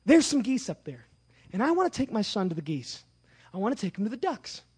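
A man in his thirties preaching a sermon with a personal story, animated and swinging from hushed asides to shouting. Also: high voice, a little fast, breathy edge.

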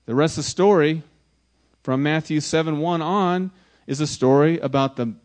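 With a fairly high pitch and a normal pace, this pastor preaches emphatically. Loud outbursts give way to hushed passages, and he often repeats words to stress them.

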